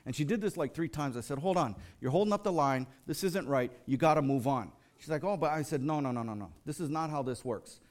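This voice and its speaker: An American man preaching a sermon in a conversational, storytelling way. He acts out the people in his stories, jumping between a hushed, low voice and a high, fired-up one. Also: animated, a little fast, few pauses. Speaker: lay preacher.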